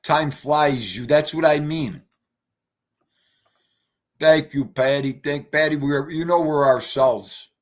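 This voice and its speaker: Brash, profane New livestream host. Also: male voice, a little high, slow pace, long pauses. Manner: brash, profane, greets chatters. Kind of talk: casual livestream chat.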